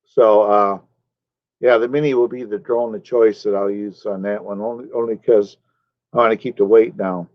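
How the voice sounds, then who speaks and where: A man's voice: lowish voice, fairly even intonation, normal speed, no room sound. A man live streaming, chatting casually and rambling while he answers his chat viewers by name. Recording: dull lo-fi stream audio.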